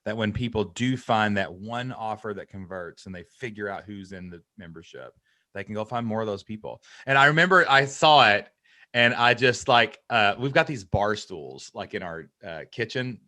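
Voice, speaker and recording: A man hosting a podcast interview, chatting casually and excitably, rambling with lots of fillers. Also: on the low side, moderate pace, no echo, clean studio sound. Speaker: podcast host.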